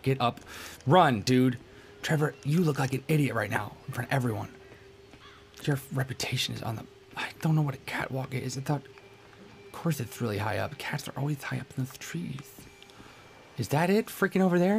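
A young man hosting a let's-play, commenting on the game in a goofy, self-mocking way with sudden loud outbursts. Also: medium pitch, moderate pace, vocal fry, a little hiss or hum. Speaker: gaming let's-play host. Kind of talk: casual gameplay commentary.

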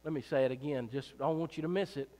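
A man preaching a sermon in a church, emphatic and repetitive, swinging between loud and soft, with joking asides. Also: a little high, fairly even intonation, fast talker. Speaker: pastor. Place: church sanctuary. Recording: reverberant church hall.

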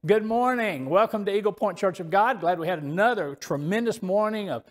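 A man's voice: high-pitched, brisk. A male pastor preaching a sermon to his congregation, telling a story and reading scripture, often restarting his phrases.

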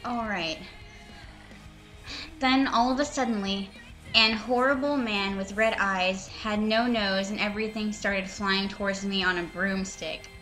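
Reading fan fiction aloud with mock drama, this young woman acts as reader and commentator, moving slowly and stopping to laugh or toss in sarcastic remarks. She has a mid-range voice with fairly even intonation, and music runs in the background.

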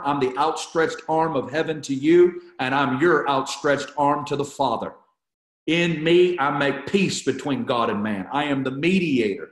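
A man teaches an online Bible study in a fervent, emphatic way, hammering home key phrases by saying them again and again. His voice sits a little high for a man. The sound is roomy, with a noticeable echo around him. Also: measured pace. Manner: talks to online viewers.

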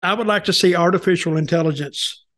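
Fast and a bit bright, the high-pitched voice belongs to an older host recounting wrestling stories in a casual chat. He meanders, circles back with repeated words and restarts, and voices other people's lines.

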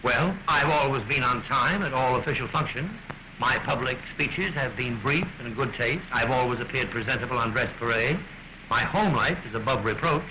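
In the style of a 1930s film, an actor plays a weary, wry middle-aged king of a small nation, delivering lines in a dry, ironic, understated way. His voice is medium-pitched and lightly acted at a moderate pace, heard on a hissy early 1930s film soundtrack.

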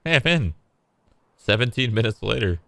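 Relaxed swearing male streamer, bright voice. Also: mid-range voice, moderate pace, vocal fry, slight background noise. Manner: laid-back, joking, swears often. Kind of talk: casual gameplay commentary.

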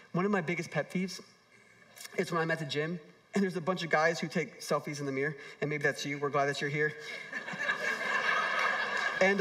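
A male pastor with a high, bright voice preaches a sermon. He leans into storytelling and acts out the voices of the people he quotes. He swings between soft, low asides and lifted, emphatic appeals. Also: recorded from a distance. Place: church hall with an audience.

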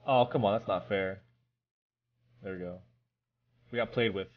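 A man's voice: lowish voice, measured pace, narrow, tinny audio. A man streaming a game live, exasperated and taunting his chat.

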